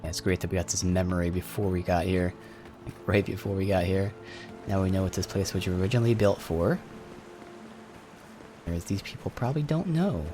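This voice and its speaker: A man's voice: low voice, level tone, fast, over music. A man with a Philadelphia accent giving chatty, offhand let's-play commentary at his desk mic, swearing casually. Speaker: gameplay commentator.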